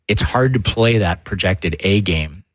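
A man, co-hosting a casual sports talk show and telling animated stories. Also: sits low, measured pace, no echo, studio quality. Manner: animated storyteller, laughs often. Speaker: sports radio co-host, former player.

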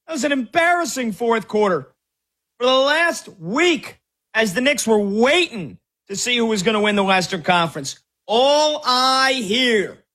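A brash sports radio host, a man with a high voice, hammers his point home with stats and scorn. He talks straight to his listeners in a combative, mocking way. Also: lively intonation, a little slow, pushed and bright. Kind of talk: sports talk commentary.

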